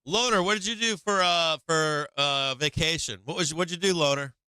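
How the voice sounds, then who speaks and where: A man's voice: fairly high pitch, normal speed, bright, forceful tone, clean tone. A man hosting a casual live stream, swearing a lot, taunting and gleeful, sometimes breaking into a sing-song carnival barker call.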